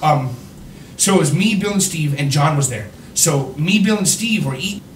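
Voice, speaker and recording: A man's voice: on the high side, expressive, moderate pace. A man telling rowdy, profane anecdotes in casual podcast chat, often breaking into laughter. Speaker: podcast host. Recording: roomy, distant mic, faint noise.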